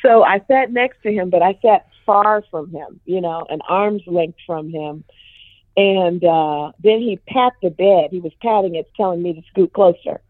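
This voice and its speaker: An older woman, a jazz singer, telling a personal story in an animated way and acting out the voices of others. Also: measured pace, no room sound. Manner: animated, swings pitch to act out quoted voices. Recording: tinny phone-like dry radio sound.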